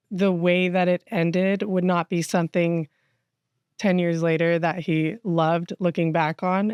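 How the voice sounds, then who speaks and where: A woman guest speaks warmly and frankly, reflecting as she goes. Her voice is smooth and clear, and the recording is dry and close. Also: fairly low pitch, dry recording. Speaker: interview guest. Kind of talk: candid conversation.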